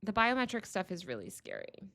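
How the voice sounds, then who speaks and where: A woman's voice: medium pitch, wildly swooping pitch, brisk, a bit bright. A woman hosting a livestream, ranting in a heated, exasperated way and repeating phrases for emphasis. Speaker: livestream host.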